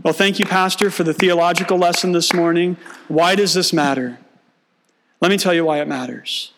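Guy pastor preaching, kinda high voice, jokes around and plays out little dialogues. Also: fairly even intonation, moderate pace, background noise. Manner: storytelling, humorous asides, acts out dialogue. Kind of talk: sermon.

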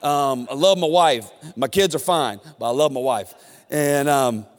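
A man in his thirties, a pastor preaching a sermon in an animated, emphatic way with many repetitions. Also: mid-range voice, a little slow, in a large hall.

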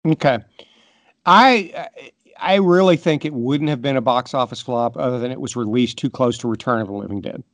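A man's voice: mid-range voice, moderate pace, no room sound. A man co-hosting a podcast, giving emphatic, opinionated takes in a casual movie review chat. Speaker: podcast co-host.

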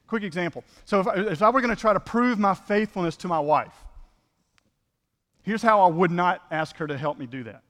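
A man's voice: high voice, a bit bright, big-room sound. A man preaching a conversational sermon as pastor, full of rhetorical questions.

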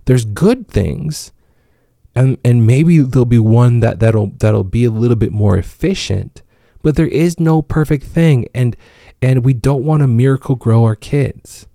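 A man's voice: medium pitch, a little slow, creaky, dark tone, dry recording, studio quality. A man in his thirties, a father of five, talking casually about raising kids, with lots of fillers and restarts. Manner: rambling, with many fillers and restarts. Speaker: father of five giving parenting advice. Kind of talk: casual monologue.

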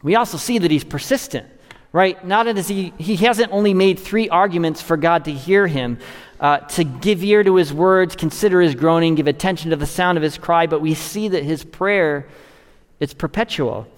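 Male pastor, earnest sermon delivery, slightly high voice, long church reverb. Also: moderate pace. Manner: earnest, rising to stress and dropping low to close a thought. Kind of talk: expository sermon.

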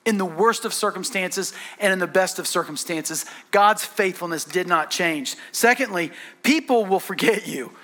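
A bright, high-voiced man preaches a sermon with easy, conversational storytelling. He often restarts his sentences. He leans forward into each story. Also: normal speed. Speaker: pastor.

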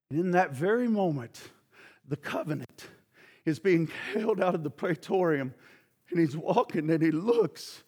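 A male preacher giving an impassioned sermon who swings between shouting and hushed speech. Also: fairly high pitch, animated, a little slow, breathy edge, in a large hall.

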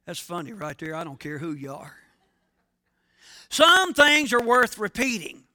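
High-voiced, slow-preaching male pastor. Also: very animated, pushed and bright. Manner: emphatic, asks the congregation questions. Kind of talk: sermon.

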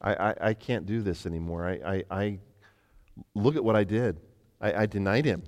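A remorseful male fisherman stammers through a confession, as a preacher acts him out. His voice is hushed and halting and trails off in broken starts. Long reverb from a big hall hangs around it. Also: on the low side, pitched below the performer's own voice, lightly acted.

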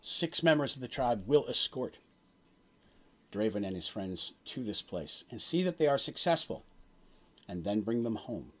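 A solemn tribal prophetess foretells a dark season, as a man game master puts her on. She speaks slowly and gravely, in long weighty phrases. Her pitch moves up and down a lot. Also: sing-song. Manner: slow, grave pronouncements.

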